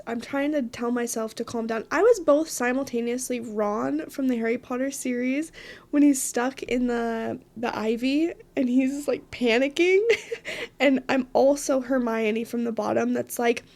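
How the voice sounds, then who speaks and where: A woman hosting her own podcast, telling a story with dramatic flair and quick asides. Her voice sits high, with a gravelly fry at the ends of phrases. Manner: animated, dramatic retelling with frequent laughs and asides. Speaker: podcast host.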